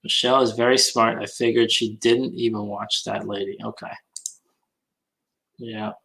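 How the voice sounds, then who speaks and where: A man with a low, gravelly voice chats casually on a livestream. He mutters to himself as he works, and keyboard typing clicks behind him. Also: a bit bright, low-quality recording. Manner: chatty, muttering to himself while working. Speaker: reseller on a livestream hangout. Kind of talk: casual livestream chat reading comments.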